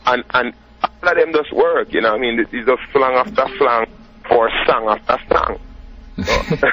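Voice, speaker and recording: A Jamaican dancehall artist talking casually as an interview guest, relaxed and often asking "you know what I mean". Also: male voice, medium pitch, moderate pace. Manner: laid-back, says "you know what I mean" a lot. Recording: dull lo-fi radio recording.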